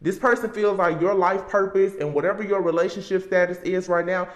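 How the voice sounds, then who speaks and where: A woman's voice: on the low side, fairly even intonation, a little fast. Emphatic woman reading tarot, roomy echo. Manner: emphatic, repetitive, thinking aloud. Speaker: tarot reader. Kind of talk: casual spoken tarot reading.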